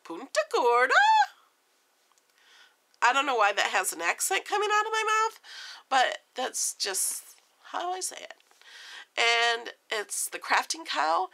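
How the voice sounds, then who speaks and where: Jittery woman vlogging, high bright voice, rambles all over the place. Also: creaky. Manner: rambling, giddy and scattered, laughing at herself. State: jittery and overstimulated. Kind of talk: casual vlog chat.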